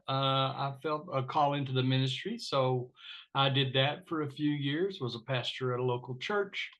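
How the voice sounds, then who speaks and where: A man's voice: mid-range voice, a bit bright, poor audio. Older West Texas guy, folksy guest, earnest and gracious. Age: 60s. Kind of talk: casual interview conversation.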